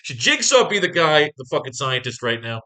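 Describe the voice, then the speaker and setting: A man's voice: medium pitch, sing-song, brisk, bright, forceful tone. A man teaching a writing class, talking casually and with lots of swearing as he plans comic pages and reads panels aloud. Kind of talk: casual comic-planning talk.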